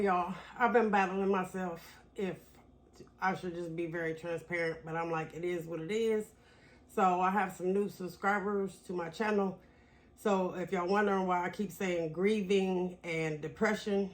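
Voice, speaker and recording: A woman vlogger talking candidly and confidingly to her viewers in a casual vlog. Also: lowish voice.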